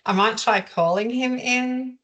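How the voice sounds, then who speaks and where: A woman's voice: fairly high pitch, measured pace, fairly bright tone. A woman organising an online conference, helping a speaker with screen sharing over a video call. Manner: helpful, reassuring. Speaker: event organiser.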